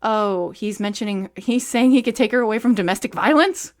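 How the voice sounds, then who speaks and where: Young woman, book reviewer, reads aloud with sarcastic asides, medium pitch. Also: a little fast. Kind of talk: reading aloud with commentary.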